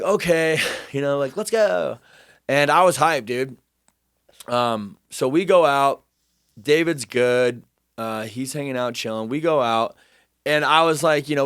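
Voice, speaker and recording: Young man, casual storyteller, profane and self-mocking, smooth voice, dry close mic. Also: mid-range voice, normal speed, fairly bright tone, no echo.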